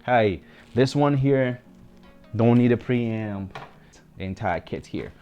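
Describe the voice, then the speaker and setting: A man's voice: medium pitch, takes it slowly, highs cut off, faint music behind. Ghanaian man chatting through a mic review. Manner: relaxed, chatty, slangy with repeated asides. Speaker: tech reviewer host. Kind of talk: casual product review vlog. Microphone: desk condenser mic with pop filter.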